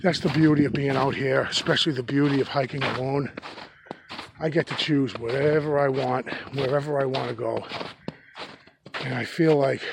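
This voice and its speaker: A man's voice: medium pitch, creaky, noisy background. A man with a Boston accent, chatting casually and joking while hiking in a snowy forest, a little winded from the climb. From New England. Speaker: hiking vlogger. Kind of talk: casual walk-and-talk vlog.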